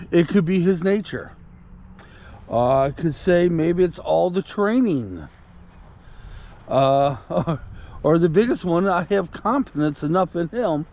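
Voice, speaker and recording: Speaking in a high voice with a darkish tone, a man casually vlogs to the camera while out walking his puppy. He rambles, repeats himself and talks soothingly to the dog.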